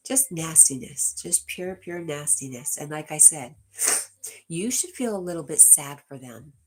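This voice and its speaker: Low husky woman hosting a livestream. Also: expressive, measured pace, darkish tone. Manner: reads comments aloud and answers viewers directly, drops to a whisper at times. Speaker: livestream host reading viewer chat. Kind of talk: casual livestream chat.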